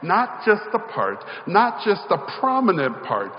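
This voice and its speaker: A man's voice: sits high, wildly swooping pitch, measured pace. A male pastor giving a sermon in a church sanctuary. He speaks in a rhythmic call-and-response style with rising emphasis. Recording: echoey hall, slightly dull sound.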